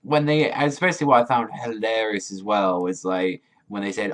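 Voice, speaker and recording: A man giving a casual chapter review, rambling with many "like"s, excitable and swearing freely. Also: on the low side, normal speed, few pauses. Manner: rambling, heavy use of "like"; profane, excitable. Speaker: manga reviewer.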